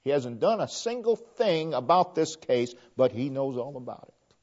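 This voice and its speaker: A man's voice: mid-range voice, sing-song, moderate pace, darkish tone. A man preaching a sermon in an earnest way, often repeating and restarting phrases. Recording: dull lo-fi recording.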